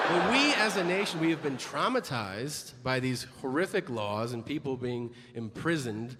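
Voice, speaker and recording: A middle-aged man doing stand-up comedy, telling a story and acting out the other people's lines in quick put-on voices. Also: on the high side, expressive, long reverb tail. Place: comedy stage before a live audience. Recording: stage recording with audience noise.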